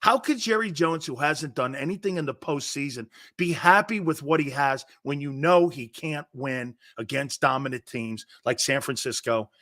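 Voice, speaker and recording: A man's voice: moderate pace, few pauses. A middle-aged man hosting a sports talk show, telling stories bluntly and with a lot of energy. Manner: animated, blunt storytelling with swings in pitch and loudness.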